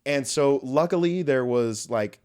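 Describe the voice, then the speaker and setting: Young man, podcast host, casual storytelling, animated, profane, middle pitch. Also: unhurried. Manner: animated, profane, acts out quoted voices.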